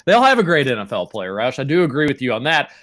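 A man co-hosting a sports talk show, speaking in a loose, rambling way with a wry edge. His voice has a bright, forward ring at an ordinary middle pitch. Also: wildly swooping pitch, fast. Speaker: podcast co-host. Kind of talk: casual sports chat.

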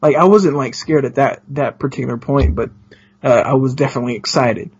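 Husky man telling an excited story. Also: medium pitch, a little fast. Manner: excited storytelling with many restarts. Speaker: guest. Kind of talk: casual podcast chat. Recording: dull lo-fi sound.

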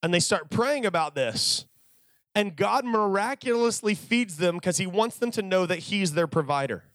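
Male youth preacher, sermon, joking storyteller, high voice, dry close sound. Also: lively intonation, normal speed, a bit bright, no echo.

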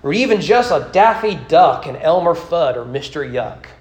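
A woman's voice: sits low, animated, normal speed, darkish tone, a little hiss or hum. A man reading a rhyming poem aloud and voicing a grieving, fretful old widow. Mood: lamenting. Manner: rhyming sing-song recitation. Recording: roomy church sanctuary.

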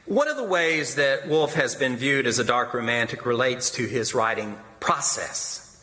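A man giving a literary lecture in a measured, expressive way. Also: mid-range voice. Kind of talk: literary lecture with dramatic readings. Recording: long hall reverb.

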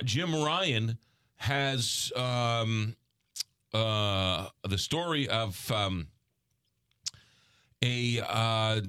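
A man's voice: lowish voice, sharp tone, no room sound, studio quality. A man with a New York accent hosting a morning radio show, chatting casually with frequent ums and uhs. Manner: halting, lots of ums and uhs. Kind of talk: casual on-air chat.

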